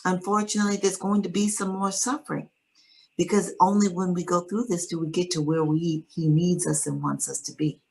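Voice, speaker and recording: A woman's voice: fairly low pitch, level tone, fairly quick, gravelly, a little mellow, poor audio. A middle-aged woman, an interview guest and author, earnestly recounting a personal faith story with quoted dialogue.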